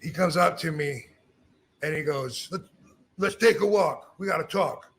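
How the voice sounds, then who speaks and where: Gravelly man telling a story. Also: a little high, moderate pace. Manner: animated, acts out quoted dialogue, frequent restarts. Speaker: podcast host. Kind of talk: casual storytelling.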